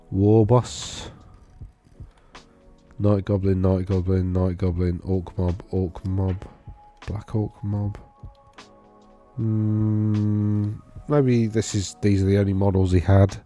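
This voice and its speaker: A man's voice: low-pitched, steady tone, slow pace, pauses often, warm tone, soft background music. A man casually talking through tournament data on his screen, rambling and correcting himself as he thinks aloud. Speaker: wargaming video host. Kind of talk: casual screen-share commentary.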